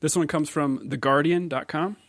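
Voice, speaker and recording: A man's voice: fairly high pitch, fairly even intonation, normal speed, a bit bright, dry recording, clean studio sound. A man co-hosting a casual podcast, reading news headlines aloud and laughing easily. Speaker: podcast co-host.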